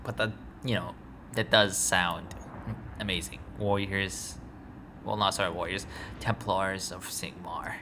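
Low-voiced man rambling over gameplay. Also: a little slow. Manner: rambling, stumbles over words, talks to the game. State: sleepy, yawning. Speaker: let's play gamer. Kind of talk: casual gameplay commentary. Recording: steady background noise.

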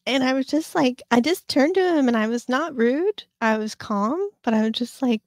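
A woman's voice: a little high, animated, normal speed, few pauses, no room sound, clean studio sound. A woman in her fifties hosting a casual livestream, telling stories with lots of fillers and restarts. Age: 50s. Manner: rambling storyteller, many fillers and restarts. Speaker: host.

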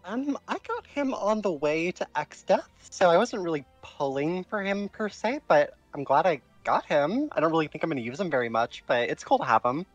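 A young woman co-hosting a gaming stream, dropping dry, quick quips. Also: lowish voice, sing-song, dry recording, lo-fi sound, faint music behind. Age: young adult. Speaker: stream co-host. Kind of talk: casual gaming stream chat.

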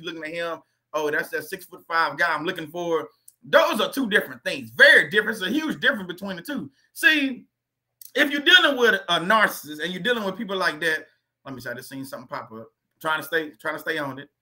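A man hosting a livestream in a loose, rambling way, laughing often as he goes off on tangents. His voice is high and very bright, with a sharp edge. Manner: rambling, laughing, chatty asides. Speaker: livestream host. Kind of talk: joking livestream talk.

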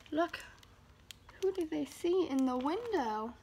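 Gravelly-voiced woman reading a children's story. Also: high voice, lively intonation, a little mellow. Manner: slow, sing-song storytime delivery with drawn-out words. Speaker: children's librarian. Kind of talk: reading a picture book aloud to children.

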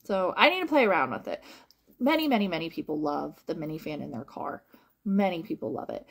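A woman who works as a home-fragrance consultant, talking casually to viewers in a rambling, animated way with lots of fillers and repeated phrases. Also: low voice, brisk, vocal fry, husky. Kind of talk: casual live-stream chat to viewers.

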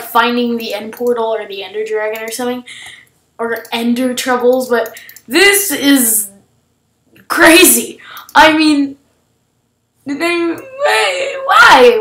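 A woman hosting casual gameplay commentary, excitable, shrieking and gasping at surprises. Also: a little high, roomy sound, poor audio. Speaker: gaming channel host.

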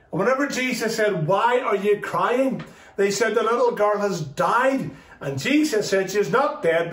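A man teaching a children's Sunday school lesson, telling a Bible story and acting out the dialogue as he goes. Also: recorded from a distance. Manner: storytelling, quoting dialogue with lively shifts in pitch. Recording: roomy, from off-mic.

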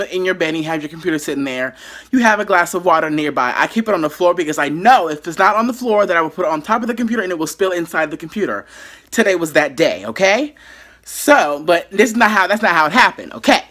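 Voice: medium pitch, lively intonation, a little fast, fairly bright tone. A YouTuber telling a dramatic story from their bedroom, with lots of asides to the viewers. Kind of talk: storytime vlog.

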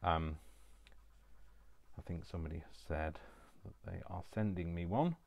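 A man's voice: low-pitched, unhurried, gravelly, darkish tone. A man vlogging as he decorates a book cover, chatting in a rambling, self-deprecating way. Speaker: craft vlogger. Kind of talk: casual chat while crafting.

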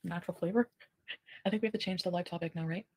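A woman's voice: fairly low pitch, fast, darkish tone. A woman from Ottawa chatting casually on a livestream, giggling and answering viewer comments. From Ottawa, Canada.

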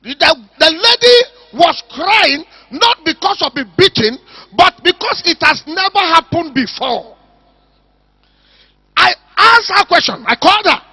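A pastor delivers a fiery sermon to a church crowd. His voice sits very high and piercingly bright, and he speaks slowly, shouting and drawing out repeated words for emphasis. The sound is close and completely dry. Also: big pitch swings. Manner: shouting, emphatic, drawn-out repetitions. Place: church service.

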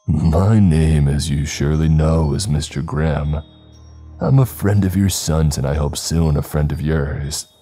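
A man voicing a demonic ghost boy with a deep, gurgling voice and coldly polite threats. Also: a little slow, mellow, faint music behind. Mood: sly.

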